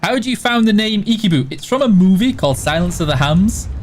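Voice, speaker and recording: A man's voice: high voice, expressive, fairly quick. A man from the Yorkshire border area with a mild Yorkshire accent, hosting a live stream and answering chat in a casual, matter-of-fact way. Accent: mild Yorkshire English. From West and South Yorkshire border, England. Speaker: stream host reading chat.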